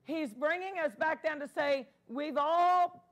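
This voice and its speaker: Woman pastor, high voice, unhurried emphatic sermon delivery. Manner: emphatic, repeats key phrases, call-and-response.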